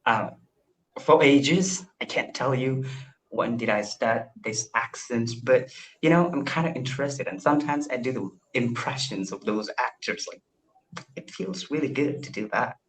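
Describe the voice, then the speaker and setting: A young man from India talks over a video call in an eager, self-deprecating way, stumbling and restarting as he explains himself. His voice sits at an ordinary middle pitch for a man. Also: unhurried, a bit bright, poor audio. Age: 20s. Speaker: language learner. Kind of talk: casual video call conversation.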